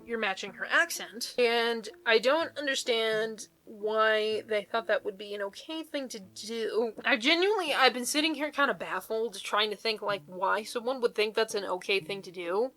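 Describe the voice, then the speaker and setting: Young woman, bright clear tone, slightly high voice, casual reading with blunt reactions. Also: rough recording. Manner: incredulous, laughing, blunt reactions. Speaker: YouTuber reading Reddit posts.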